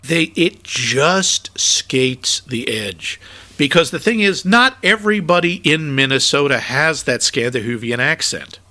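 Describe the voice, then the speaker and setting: A man's voice: a little high, animated, measured pace, bright, forceful tone. A man from New England co-hosting a film podcast, chatting in a rambling way with many restarts. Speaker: podcast co-host. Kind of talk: casual film chat.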